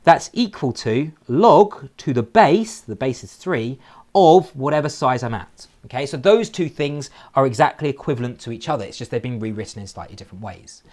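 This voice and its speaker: A man teaching a recorded maths lesson, explaining step by step and checking in with "okay?" after nearly every sentence. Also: medium pitch. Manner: lively, shifting emphasis, slows down to spell out key phrases.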